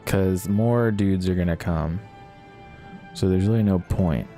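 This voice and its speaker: A man's voice: deep voice, unhurried, dark tone. A man streaming a video game, telling a long personal story in a rambling, casual way, swearing and laughing at himself. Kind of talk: casual storytelling while gaming. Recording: faint game music behind.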